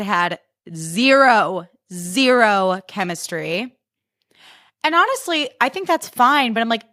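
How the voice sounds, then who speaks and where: Woman comedian, casual sarcastic rant, mid-pitched voice, lots of "like", dry close sound. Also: fairly bright tone, no room sound. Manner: chatty and sarcastic, full of "like". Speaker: podcast host and stand-up comedian. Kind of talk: casual comic monologue.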